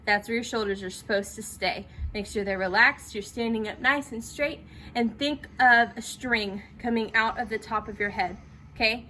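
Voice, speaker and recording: A woman's voice: a little high, bright, forceful tone, a little hiss or hum. A woman teaching theatre students, guiding them through breathing exercises and checking in with them often. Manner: encouraging, checks in with "okay?" often. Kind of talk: guided breathing exercise instruction.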